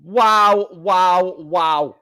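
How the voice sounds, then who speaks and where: Excitable man commentating live. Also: high voice, very slow, clear, resonant tone. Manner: excitable, shouting at big moments, repeating "wow". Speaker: live stream host.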